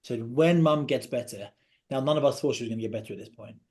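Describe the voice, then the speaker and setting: Guy in his 30s, podcast guest, earnest story, stops and restarts a lot, goes quiet, medium voice. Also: mid-range voice. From Britain. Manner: earnest, halting, often drops quiet. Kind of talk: personal storytelling in an interview.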